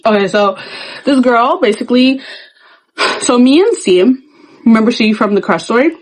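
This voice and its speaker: A young woman tells stories from her school days in a casual vlog, her voice sitting a little high. She leans on "like" and acts out her younger self with sudden loud bursts. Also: animated, moderate pace, low-quality recording. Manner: frequent filler "like". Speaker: vlogger. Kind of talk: casual storytelling.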